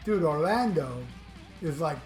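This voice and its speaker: A high-voiced middle-aged man from Florida rambles with excitement about his albums, swearing as he goes. He sounds like he's in an echoey room, with faint guitar music behind him. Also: unhurried. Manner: rambling, enthusiastic, swears freely. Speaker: music vlogger. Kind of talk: casual chat.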